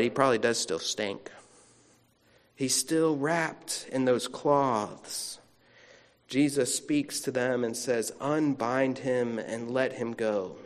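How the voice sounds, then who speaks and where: A man's voice: mid-range voice, a bit bright. A male pastor giving a sermon in a chatty storytelling way, with asides to the congregation. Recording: long reverb of a large hall.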